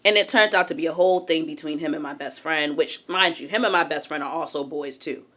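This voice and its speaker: Here a young adult woman talks briskly, her voice pitched low. She's telling a personal anecdote candidly and casually, bringing it to life by acting out what others said.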